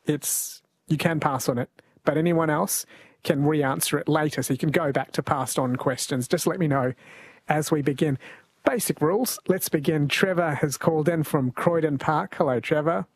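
A man's voice: a little high, normal speed, breathy edge, no echo. An Australian man hosting a radio quiz show, chatty and jokey, laughing often. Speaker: radio host. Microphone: studio mic.

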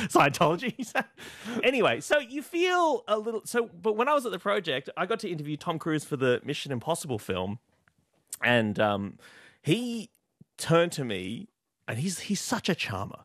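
A man's voice: on the high side, normal speed, no room sound, studio quality. A man from Australia, a stand-up comedian and TV host, telling anecdotes as a guest in an interview. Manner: animated, laughing anecdotes with quoted voices.

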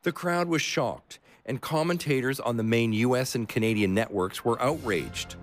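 A man hosting a radio sports documentary, narrating the story in a measured way and asking interview questions. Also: mid-range voice, no room sound, faint music behind.

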